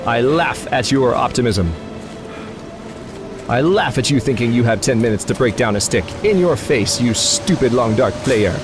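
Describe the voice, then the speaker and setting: A man's voice: mid-range voice, animated, moderate pace, over music, natural voice. A man voicing a sneering game with a French accent. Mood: taunting. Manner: sneering, mocking laughter. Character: mocking personified video game, taunting and gloating.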